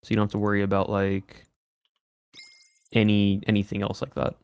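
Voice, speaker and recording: A man casually commenting on his game over voice chat, calmly explaining things step by step. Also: fairly low pitch, brisk, gravelly, clean tone, no room sound. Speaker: streamer playing with friends.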